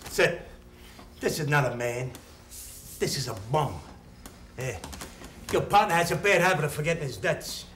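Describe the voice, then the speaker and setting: A man's voice: a little high, normal speed, long pauses, a bit bright, a little hiss or hum, natural voice. A man playing a brash, bossy loan shark. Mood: blustering. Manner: blustering, insulting, then soothing. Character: young male loan shark, brash, bossy, quick-tempered. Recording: echoey room.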